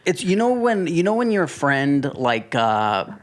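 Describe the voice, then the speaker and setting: A man's voice: a little high, measured pace. A man in his thirties talking bluntly and animatedly as a podcast guest, swearing freely. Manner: blunt, profane, animated storytelling. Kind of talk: casual chat.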